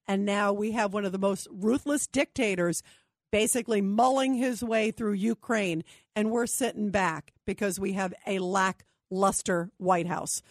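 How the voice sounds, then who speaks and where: A woman's voice: mid-range voice, unhurried, no room sound. Indignant woman radio host, dry studio sound. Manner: emphatic, indignant, reads phone number repeatedly. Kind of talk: talk radio monologue and call-in.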